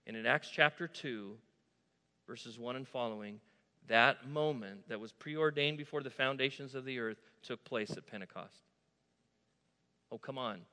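A man preaching a sermon, moving from soft asides to loud, emphatic declarations. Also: medium pitch, normal speed. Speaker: pastor. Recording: long hall reverb.

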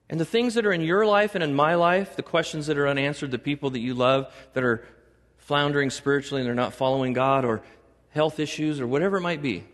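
A middle-aged man preaching a sermon to a congregation as pastor, animated, joking and acting out little dialogues. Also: big-room sound. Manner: animated, acts out dialogue with God in a higher voice; jokes and laughs with the congregation.

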